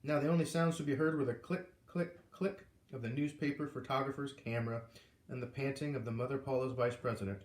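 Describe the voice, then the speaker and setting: A man reading a chapter of a novel aloud in an even, measured storytelling manner. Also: mid-range voice. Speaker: reader. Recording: roomy echo.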